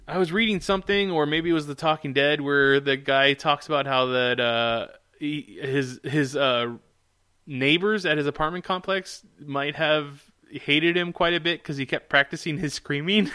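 A man co-hosting a podcast in casual chat, talking in an animated, ranting way and swearing freely. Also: on the high side, moderate pace, clean tone. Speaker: podcast co-host.

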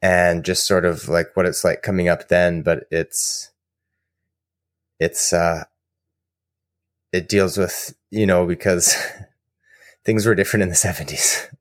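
Low-voiced man chatting casually. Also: slow pace, long pauses, no echo, studio quality. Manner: rambling, animated storyteller with fillers. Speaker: podcast co-host. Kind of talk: casual chat.

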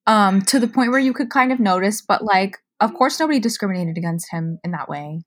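A young woman co-hosting a podcast, telling a story in a casual, animated way that is full of swearing and "like". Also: medium pitch, a little fast. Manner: animated, profane, lots of "like". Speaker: podcast co-host.

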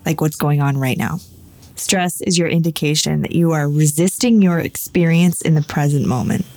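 Woman host, pretty low voice, earnest, keeps stressing her points. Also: normal speed, darkish tone. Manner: earnest, emphatic, reads quotes and riffs on them. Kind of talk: casual chat.

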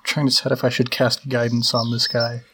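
A man playing a tabletop game, joking and quick-talking. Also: mid-range voice, monotone, fairly bright tone. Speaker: player. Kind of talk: casual chat.

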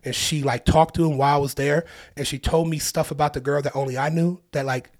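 A man in casual podcast chat as a guest comedian, telling stories in an animated way and laughing often. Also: a little high, quick pace.

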